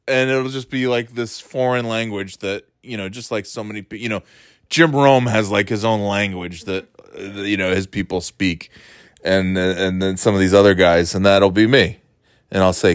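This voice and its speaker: A man in relaxed, casual chat, joking, rambling and making up silly words. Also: lowish voice, a little fast, clean tone, no echo, studio quality.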